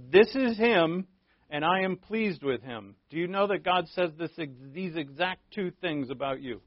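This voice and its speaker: A man preaching a sermon, telling stories with animated acted-out quotes and laughing at himself. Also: sits high, no room sound. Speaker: pastor. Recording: dull, dry lo-fi recording.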